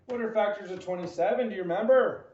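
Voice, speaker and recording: A man with a light, high voice runs through a math homework lesson, quizzing the listener and tossing in playful jokes. He talks fast with a darkish tone. The audio is dull and lo-fi, and his voice echoes.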